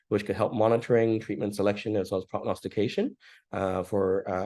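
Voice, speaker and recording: Low, mellow man with early-morning voice. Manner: measured, frequent "uh" pauses. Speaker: oncologist presenting research. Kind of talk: conference talk and Q&A.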